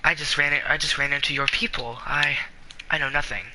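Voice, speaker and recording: A man's voice: on the high side, fairly even intonation, brisk, background noise, lightly acted. A man voicing a nervous female witch who stammers and dodges questions. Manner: stammering, evasive.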